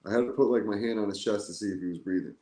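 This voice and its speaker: A man co-hosting a podcast in a casual chat, telling an animated story full of "like". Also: lowish voice, racing. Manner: animated storytelling, heavy use of "like". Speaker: podcast co-host. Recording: echoey room.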